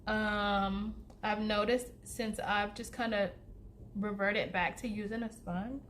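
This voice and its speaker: This beauty vlogger's get-ready-with-me chat is slow and fairly even in intonation, her medium-pitched voice fairly bright. She's chatty, laughs often and addresses viewers as y'all as she does her makeup, with slight background noise present.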